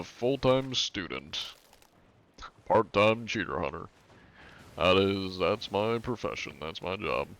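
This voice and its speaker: Brief: male streamer in his twenties, lowish voice, dry wry humor, casual gaming chat. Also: a bit bright.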